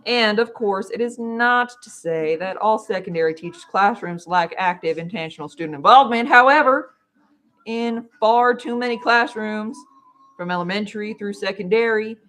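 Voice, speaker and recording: A woman's voice: mid-range voice, normal speed, fairly bright tone. Woman dramatically reading her textbook aloud. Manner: dramatic read-aloud with playful asides. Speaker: vlogger.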